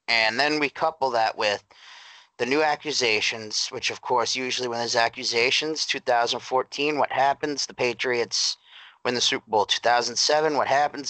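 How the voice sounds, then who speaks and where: A man's voice: mid-range voice, pushed and bright, no room sound, low-quality recording. A man co-hosting a sports podcast, building his argument with rhetorical questions. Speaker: podcast co-host. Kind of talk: casual sports podcast chat.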